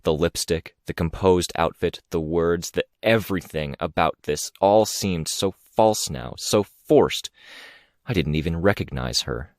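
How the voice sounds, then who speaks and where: A man narrating a first-person audiobook in a measured, quiet, subdued way. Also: low-pitched, no echo, clean studio sound.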